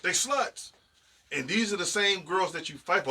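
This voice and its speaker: Husky, bright-voiced man lecturing emphatically. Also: sits high, lively intonation, moderate pace. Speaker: podcast co-host. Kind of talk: casual podcast chat.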